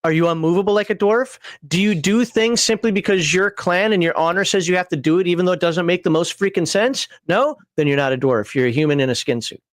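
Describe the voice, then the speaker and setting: A man's voice: high voice, fast talker, hardly any pauses, no echo. A man hosting a livestream panel show, reading viewer comments aloud and giving wry, opinionated takes with frequent fillers.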